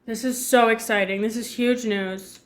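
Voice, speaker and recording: A woman's voice: on the high side, fairly even intonation, moderate pace. A young woman chatting casually with her live-stream chat while cooking in her home kitchen, giggling often.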